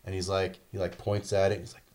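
A man with a very low, deep voice chats loosely about a game he loves. He rambles, restarts and swears freely, and drops into little acted-out quotes along the way. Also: flat delivery, fast, darkish tone. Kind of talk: casual chat about a video game.

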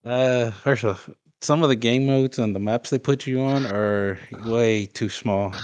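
A man's voice: medium pitch, unhurried, a little mellow, smooth. A man in casual podcast chat, bluntly complaining about a video game. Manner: blunt, complaining gamer talk.

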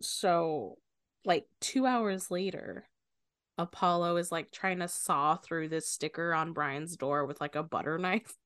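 A woman's voice: fairly low pitch, unhurried, fairly bright tone, no room sound, studio quality. A woman co-hosting a book podcast, casually recapping a novel, swearing freely and acting out the characters' lines.

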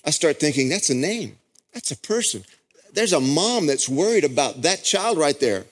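A middle-aged pastor, preaching a sermon as a story that keeps building in intensity. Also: male voice, big pitch swings, moderate pace. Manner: impassioned storytelling, pitch climbing as he builds.

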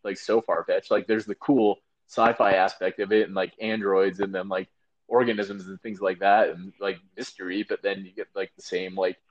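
Rambling low-voiced man, lo-fi audio. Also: little pitch movement, moderate pace. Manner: rambling, lots of fillers and acted-out quotes, laughing. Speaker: podcast co-host. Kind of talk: casual chat.

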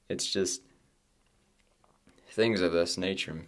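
A podcast host with a fairly low voice tells the story of his faith, stumbling and starting over again and again, his emotion bringing him close to tears.

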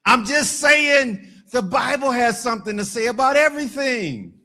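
In church, a male pastor gives an energetic sermon, his voice high and brightly ringing. He kids around with the congregation and slows for emphasis before breaking out into shouting.

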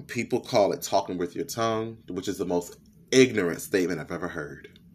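A young man with a lisp, hosting a candid, profane personal podcast monologue. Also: low-pitched. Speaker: podcast host.

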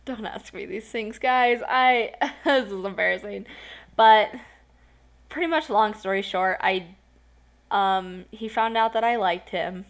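Young woman, solo podcast host; tired, giggly, rambling delivery full of fillers. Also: mid-range voice. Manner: rambling, giggly, self-conscious, lots of fillers. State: tired, yawning. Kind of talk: casual solo podcast storytelling.

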